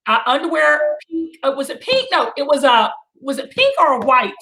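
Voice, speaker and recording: A woman's voice: sits high, big pitch swings, normal speed, sharp tone. A middle-aged woman hosting a casual live chat, gushing and exclamatory, now and then breaking into song. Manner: gushing, exclamatory, bursts into singing. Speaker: host.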